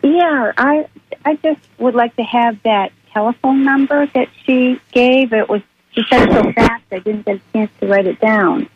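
A woman's voice: a little high, normal speed, slight background noise. Woman caller on a muffled phone line. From Florida. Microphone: telephone.

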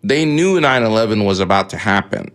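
Low-voiced man co-hosting a radio talk show. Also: lively intonation, fairly quick, a bit bright. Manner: chatty, explanatory, with fillers and asides.

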